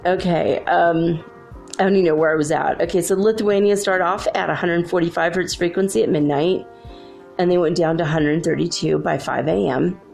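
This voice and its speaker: A woman's voice: fairly low pitch, moderate pace, vocal fry, darkish tone, soft background music. A woman hosting a casual solo spiritual talk from her room at home, bubbly and full of "like"s. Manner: chatty, bubbly, many "like"s. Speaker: spiritual channel host.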